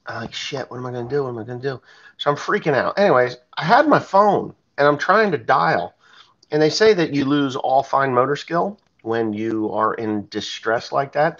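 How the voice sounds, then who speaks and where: Blunt, profane farmer telling a story. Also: male voice, medium pitch, fairly bright tone, muffled recording. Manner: blunt and profane, plain-spoken. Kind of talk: casual spoken storytelling.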